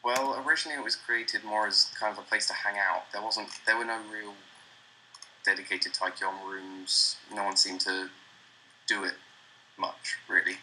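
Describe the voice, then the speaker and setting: A young man in his late teens with a British accent, chatting casually as an interview guest over a voice call, relaxed and self-deprecating with frequent chuckles. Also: lowish voice, moderate pace, a little hiss or hum, rough recording. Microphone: computer mic over a voice call.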